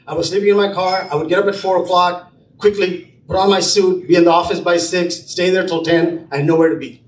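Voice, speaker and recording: A middle-aged man from India, speaking at a business brunch and telling his story in an animated way, acting out the dialogue. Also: sits high, fast talker. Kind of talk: motivational storytelling to a small audience. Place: event room at a brunch. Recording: roomy, distant mic, faint room noise.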